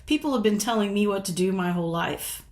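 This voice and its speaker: A woman's voice: mid-range voice, animated, quick pace, darkish tone. A middle-aged woman from the United States talking casually to camera as a vlogger, frank and indignant, swearing freely and laughing between points.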